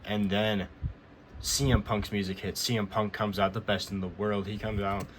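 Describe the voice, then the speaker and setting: A man's voice: lowish voice, level tone, normal speed, slight background noise. A man casually recapping a show as a vlog host, rambling and repeating himself as he retells what happened. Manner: rambling, repeats "he goes" often. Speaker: wrestling recap vlogger.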